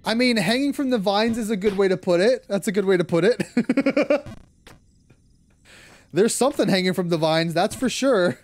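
A young man with a high voice streams a game, talking casually at normal speed and pausing often. He reads chat aloud, laughs a lot and swears freely.

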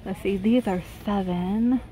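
Her voice is medium-pitched and dark, her pace unhurried. She's vlogging a relaxed shopping trip through a large retail store, phone in hand, talking prices and cooing over cute items.

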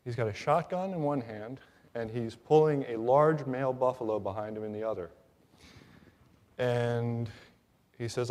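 A man telling a long joke in a meandering way, with restarts and pauses, heard with a long hall reverb. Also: mid-range voice, a little mellow.

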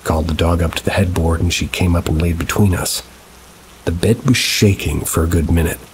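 Deep-voiced man narrating over rain. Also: a little fast, a little hiss or hum, poor audio. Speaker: story narrator. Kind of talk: reading paranormal stories aloud. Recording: steady rain sounds behind the voice. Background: rain ambience.

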